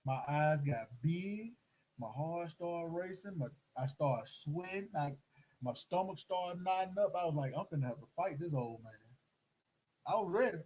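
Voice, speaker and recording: A middle-aged man telling a story in casual chat, animated and acting out the voices of the people in it. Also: on the high side, normal speed, husky, low-quality recording. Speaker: host.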